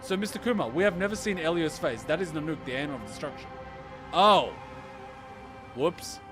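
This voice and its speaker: A man reacting to a game story, ranting excitedly and swearing heavily. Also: fairly high pitch, normal speed, faint music behind. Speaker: reaction streamer.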